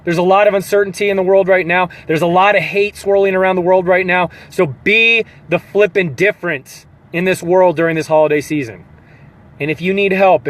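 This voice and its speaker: A man's voice: high-pitched, a bit bright. A man speaking as a fitness coach in an earnest, emotional motivational pep talk, repeating phrases for emphasis. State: holding back tears.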